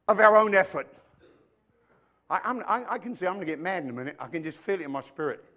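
A male preacher delivering a sermon, swinging between loud emphatic declarations and quiet joking asides. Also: high voice. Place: church hall with stage lights.

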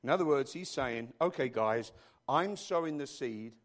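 Lively, animated male pastor preaching. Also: medium pitch, normal speed. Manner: animated, joking preaching with audience asides. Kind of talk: sermon.

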